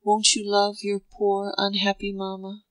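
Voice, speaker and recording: A grieving young mother speaks to her child softly and tenderly, pleading gently, as a woman reading the story gives her voice. Her voice sits mid-range, and the recording is dry and close. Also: medium pitch, monotone, unhurried, no room sound, close to an everyday voice, poor audio. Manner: soft, tender.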